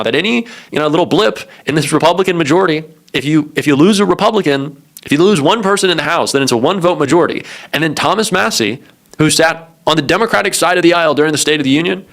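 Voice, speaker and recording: A man's voice: fairly high pitch, very animated, quick pace, fairly bright tone. Sarcastic male political commentator. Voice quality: sarcastic, mocking, profane.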